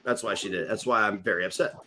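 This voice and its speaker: A man hosting a casual livestream chat, animated and teasing. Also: lowish voice, slight background noise. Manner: animated, mocking, quick to tease. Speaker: livestream host.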